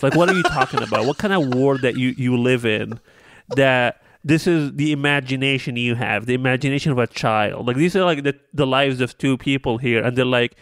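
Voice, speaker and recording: A man chatting casually with friends, animated and sarcastic, often acting out what people say. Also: mid-range voice, fairly quick, no room sound, studio quality. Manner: animated, sarcastic, mimics voices in quotes. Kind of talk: casual chat.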